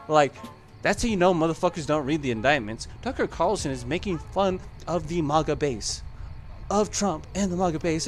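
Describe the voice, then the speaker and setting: A man streaming a game, ranting casually to his chat in a heated, profane way and chuckling between sentences. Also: fairly high pitch.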